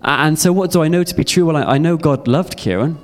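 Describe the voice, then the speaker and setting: A man's voice: a little high, quick pace, soft background music. A young man giving a heartfelt personal testimony sermon to a youth audience. He speaks earnestly and repeats phrases for emphasis.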